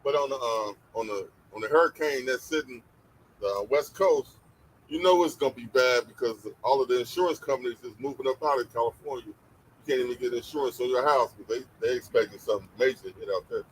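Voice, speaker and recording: A man's voice: mid-range voice, quick pace, a little hiss or hum, rough recording. A man adding casual, matter-of-fact remarks to a sermon discussion.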